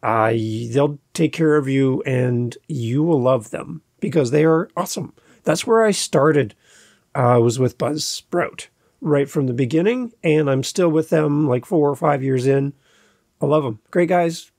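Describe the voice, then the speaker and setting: Gravelly, chatty male podcast host. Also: a little high, unhurried, darkish tone, no room sound, studio quality. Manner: chatty, emphatic, repeats words for stress. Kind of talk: casual solo podcast talk.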